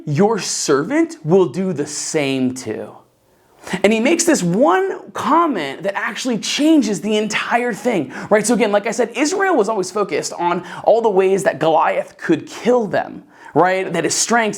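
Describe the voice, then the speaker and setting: Brief: lively Bible teacher, pitch swinging widely, talks casually to the group and checks in with "right?". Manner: conversational, keeps asking "right?" and addressing "guys"; enthusiastic, animated storytelling.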